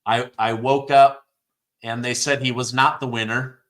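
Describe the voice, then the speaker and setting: A man hosting a live stream, reading headlines aloud and reacting with excitement, his throat sore from hours of talking. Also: mid-range voice, unhurried. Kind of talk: live election-night commentary.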